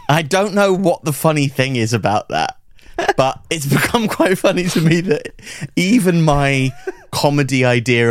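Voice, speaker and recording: A man's voice: medium pitch, dry recording. A British man co-hosting a podcast, chatting casually with giggly, self-deprecating humour. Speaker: podcast co-host. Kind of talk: casual comedic chat.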